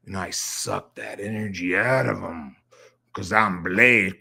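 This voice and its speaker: Sarcastic, profane low-voiced man. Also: a little slow, gravelly, pushed and bright, breathy edge. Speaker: streamer reacting to clips. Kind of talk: casual reaction commentary.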